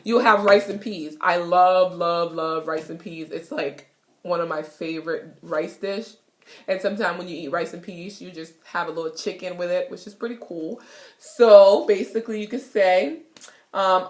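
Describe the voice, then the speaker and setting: A young woman with a Jamaican accent gives a playful, giggly patois lesson in her kitchen, repeating words slowly. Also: lowish voice. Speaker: vlogger teaching patois. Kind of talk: casual video lesson. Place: home kitchen.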